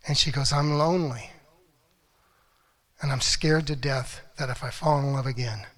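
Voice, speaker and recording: A middle-aged man, working as a relationship coach, gives a motivational talk at a moderate pace with a medium-pitched voice. His storytelling is animated: he acts out quotes, swings between hushed and loud, and pauses often.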